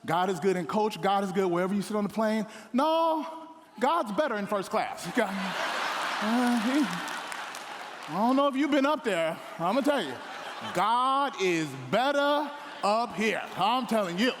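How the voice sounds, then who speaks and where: A middle-aged man delivers a humorous sermon, his voice sitting high. He jumps into playful little voices for the people in his stories. A long hall echo trails each phrase. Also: normal speed, some chatter behind, slight background noise. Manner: animated, joking, with playful voices for others. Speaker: pastor. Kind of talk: comedic sermon storytelling. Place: large hall on stage.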